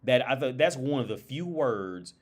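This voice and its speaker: An American man who is a streamer and therapist tells a story on a casual livestream, rambling with lots of restarts and filler words. His mid-range voice is animated, and he talks at a normal speed.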